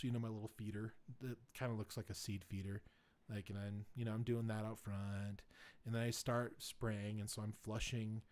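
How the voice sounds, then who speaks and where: A man hosting a podcast, telling a long casual story full of fillers and restarts. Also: lowish voice. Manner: rambling, filler-heavy, grows louder and excited retelling events. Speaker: podcast host.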